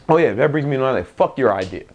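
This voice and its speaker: A man's voice: medium pitch, lo-fi sound. Blunt, profane young man talking business. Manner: profane, blunt, laughs often, many restarts. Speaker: entrepreneur. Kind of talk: casual motivational talk.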